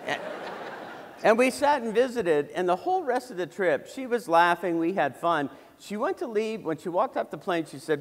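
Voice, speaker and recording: A man's voice: high voice, lively intonation, normal speed. A middle-aged man giving a humorous keynote on stage, telling a story in a conversational way with many restarts. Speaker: keynote speaker. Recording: reverberant hall.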